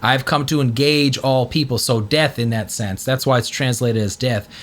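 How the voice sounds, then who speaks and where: A man hosting a casual talk podcast, animated and often breaking into loud acted-out quotes. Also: mid-range voice, normal speed. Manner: animated, swings into loud put-on voices. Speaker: podcast host. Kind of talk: casual chat.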